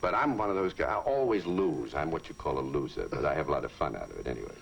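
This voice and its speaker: A man's voice: very deep voice, big pitch swings, fast, creaky, husky, poor audio. A man with a New England accent, chatting in a wry, self-deprecating way on a 1950s TV broadcast. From South Africa. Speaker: guest on a boxing telecast. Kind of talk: 1950s TV chat.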